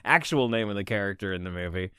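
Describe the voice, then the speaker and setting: A man co-hosting a film podcast in casual chat, animated and laughing often, with some casual swearing. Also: on the low side, fast, smooth, no room sound, clean studio sound. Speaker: podcast co-host.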